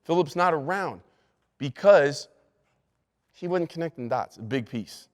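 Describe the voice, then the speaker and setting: Pastor teaching in an echoing hall. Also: male voice, a little high, animated, a little slow. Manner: emphatic, repeats key words, frequent restarts. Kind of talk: leadership lesson to church staff. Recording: long hall reverb.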